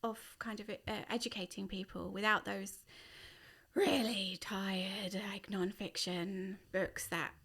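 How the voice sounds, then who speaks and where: A middle-aged woman, a guest writer, talking in a casual podcast chat, animated and chatty, with quick bursts and laughs. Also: mid-range voice, vocal fry.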